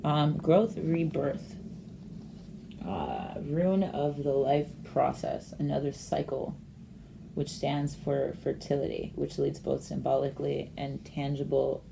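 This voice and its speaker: A woman giving a casual, meandering rune and tarot reading, talking slowly with many fillers. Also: low-pitched, gravelly, mellow, a little hiss or hum.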